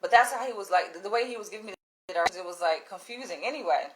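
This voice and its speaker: A woman vlogging, telling a story in a casual, animated way, swearing freely, laughing and acting out what others said. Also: medium pitch, racing, slight background noise. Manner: animated, profane, laughs often, acts out quotes.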